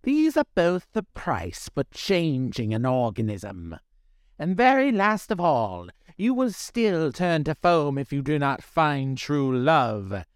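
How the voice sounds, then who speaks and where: A man's voice: fairly high pitch, huge pitch swings, takes it slowly, smooth, no room sound, studio quality, pitched above the performer's own voice, heavily acted. A man voicing a cruel old female sea witch, scornful and menacing in her speech.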